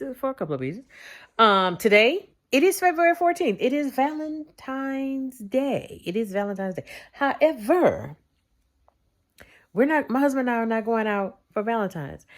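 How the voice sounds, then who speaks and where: Chatty, sleepy woman vlogging. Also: mid-range voice. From Louisiana. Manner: chatty, repeats herself, drawls with southern slang. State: sleepy, yawning. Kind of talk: casual vlog chat.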